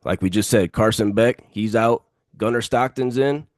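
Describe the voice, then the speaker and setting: Low-voiced man co-hosting a sports podcast. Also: normal speed, no room sound, clean studio sound. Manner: confident, emphatic picks with repeated phrases. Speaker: podcast co-host. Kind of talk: casual sports podcast chat.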